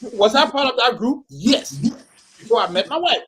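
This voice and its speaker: A man's voice: very high voice, big pitch swings, normal speed, fairly bright tone, slight background noise. A man hosting a casual live-stream panel chat, rambling with stammered restarts and frequent laughter. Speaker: host.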